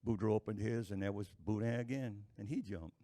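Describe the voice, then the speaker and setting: A man telling folksy jokes to a live audience, chuckling at his own punchlines in an unhurried drawl. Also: fairly low pitch, warm tone. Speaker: stand-up storyteller.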